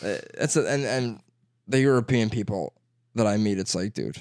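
A man's voice: lowish voice, normal speed, a little mellow, dry recording. Rambling Chicago guy, dry sound. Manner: rambling, profane, laughing storyteller. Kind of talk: casual chat.

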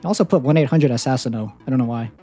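A woman's voice: a bass voice, rapid-fire, warm tone, faint music behind. A woman hosting a casual gaming podcast, reading listener replies aloud and laughing often. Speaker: podcast host.

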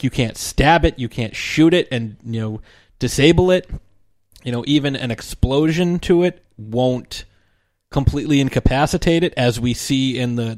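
A man's voice: medium pitch, a little mellow, no room sound. Casual male film commentator, meandering delivery, dead-dry recording. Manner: rambling, full of fillers and restarts.

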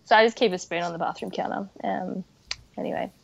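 A woman's voice: mid-range voice, fast talker, creaky, dry recording. A woman co-hosting a casual podcast, telling stories with frequent laughs and swearing, on dull lo-fi audio. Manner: animated storytelling, laughs often, swears. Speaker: podcast co-host.

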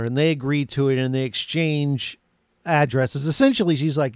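A man co-hosting a casual movie discussion, animated and acting out lines from scenes. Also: on the high side, normal speed, clean tone, dry recording, studio quality. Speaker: podcast co-host.

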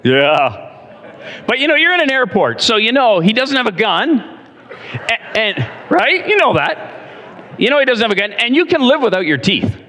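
A male pastor preaching a sermon to his congregation, telling stories in an animated, direct way. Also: very high voice, normal speed. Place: church. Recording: long reverb in a large hall.

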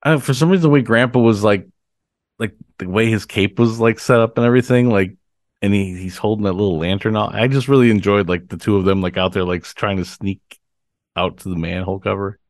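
Man, podcast co-host, hesitant, lots of fillers, low voice, dry recording. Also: fast talker, no echo. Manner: hesitant, many likes and restarts. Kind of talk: casual chat.

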